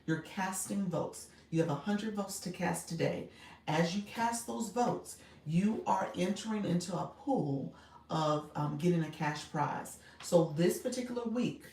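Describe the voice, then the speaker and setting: A woman's voice: on the low side, darkish tone, roomy sound, far from the mic. A woman, chatting casually on her livestream, giggly and chatty as she answers viewers. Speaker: livestream host and coach.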